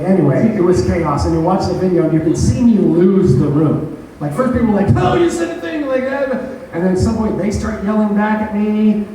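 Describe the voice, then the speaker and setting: A man's voice: on the high side, dark tone. A stand-up comedian, a man, casually retelling a story from his own show, profane and self-mocking. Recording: echoey room, voice from a distance.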